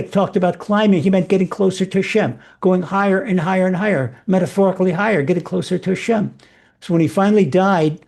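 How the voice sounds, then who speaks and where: A man's voice: high-pitched, gravelly, mellow. A man speaking as a rabbi, giving an earnest spiritual sermon and repeating phrases for emphasis.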